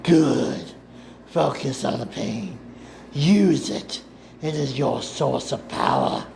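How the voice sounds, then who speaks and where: A man reads as an old Sith lord with a slow, gravelly delivery, cold and mocking, each word measured and commanding. His voice rests at an everyday middle pitch, with a faint hiss under the home recording. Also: lively intonation, darkish tone, heavily acted. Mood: cold, probing. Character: cold, taunting elderly male Sith master.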